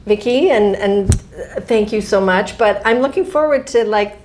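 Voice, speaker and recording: A middle-aged woman author talking casually in an interview, animated, often laughing and restarting her sentences. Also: mid-range voice, moderate pace, a little hiss or hum.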